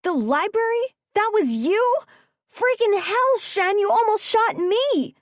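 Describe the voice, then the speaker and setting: A woman's voice: sits high, sing-song, measured pace, dry recording, studio quality, voice pushed up. A woman voicing a teenage girl thief who is bewildered and pleading. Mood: shocked. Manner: pleading, rising to outcries.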